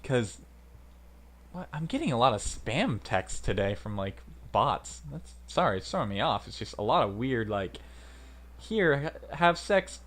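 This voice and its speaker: A man's voice: fairly low pitch, very animated, moderate pace, fairly bright tone. A man streaming a game playthrough, chatting casually and making self-mocking jokes. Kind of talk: casual let's-play commentary.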